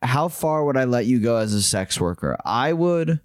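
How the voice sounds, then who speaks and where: A man's voice: medium pitch, big pitch swings, moderate pace, no room sound. A young man co-hosting a podcast in casual chat, teasing in a dry way. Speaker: podcast co-host.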